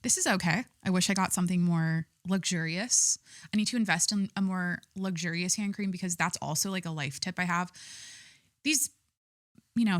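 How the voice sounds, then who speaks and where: A woman hosting her own podcast in a casual solo chat, talking forcefully from the chest and rambling with lots of fillers. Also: fairly low pitch, no echo, clean studio sound. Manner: forceful, talks with full chest; chatty, rambling with many fillers. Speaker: podcast host.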